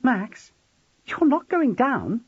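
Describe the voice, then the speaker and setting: A man doing a frightened policewoman whose voice climbs high and thin as she pleads. The husky, dull audiobook sound stays dry and close. She sounds alarmed throughout. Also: wildly swooping pitch, normal speed, no echo, exaggerated voice. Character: frightened woman, the hero's partner, a policewoman.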